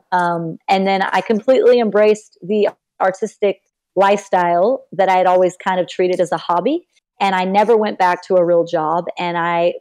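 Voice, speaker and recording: A young woman from Texas, a podcast guest, telling stories casually and acting out the people she quotes. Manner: animated, acts out quoted people with big pitch jumps. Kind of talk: casual storytelling in an interview.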